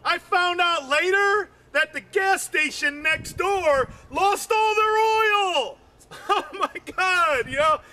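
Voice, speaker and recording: A man telling loose, rambling stand-up jokes, adding "man" to nearly every line and breaking into shouts on the punchlines. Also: extremely high pitch, slow. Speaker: amateur comedian.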